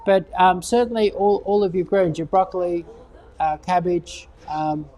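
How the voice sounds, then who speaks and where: Woman gardening expert, lowish warm voice, loose chatty answers full of repeated words. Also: fairly even intonation, a little slow. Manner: rambling, repeats words while thinking. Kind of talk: casual Q&A chat.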